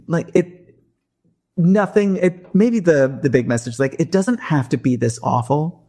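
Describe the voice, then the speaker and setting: A man's voice: a little high, lively intonation, a little slow, dark tone. A man co-hosting a podcast in casual chat, with wry, sardonic remarks. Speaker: podcast co-host.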